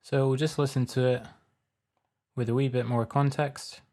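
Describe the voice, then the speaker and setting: A man casually talking through a music production tutorial step by step in a relaxed, plain way. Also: mid-range voice, normal speed. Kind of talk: casual screen-recorded tutorial.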